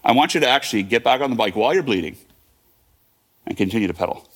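A man's voice: medium pitch, animated, fast talker, close to an everyday voice. A man in his fifties quoting his mother, an emphatic woman calling out to her son. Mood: firm. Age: 50s. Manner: emphatic, insistent.

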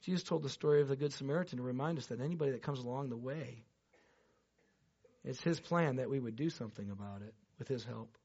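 A man preaching a sermon and telling a personal story, swinging between loud excited bursts and hushed, low passages, talking straight to the congregation. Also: fast, breathy edge. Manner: chatty, addresses the congregation directly with asides. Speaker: pastor. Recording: dull lo-fi recording.

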